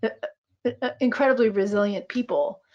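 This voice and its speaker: On a webinar video call, a physician and midwife in her fifties talks reflectively, telling stories and using plenty of fillers. Her voice is a little high and fairly quick, and the audio has its highs cut off.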